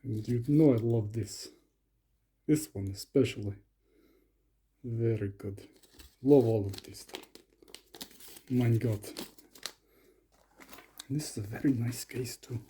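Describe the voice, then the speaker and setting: A man's voice: mid-range voice, slow, pauses often, mellow, a little hiss or hum. A young man doing playful, comic commentary while unboxing lock picks, sometimes slipping into a mock Russian persona.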